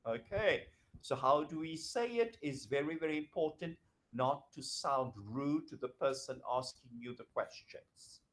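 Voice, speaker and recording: A middle-aged man teaching a grammar lecture, explaining slowly and acting out example dialogues. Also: on the high side, animated. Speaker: English teacher.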